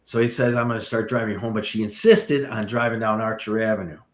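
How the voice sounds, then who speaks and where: A man from the area, a paranormal tour guide telling a ghost story as a podcast guest with lively asides. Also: fairly low pitch, a little fast, reverberant. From Chicago area. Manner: animated storyteller with many asides.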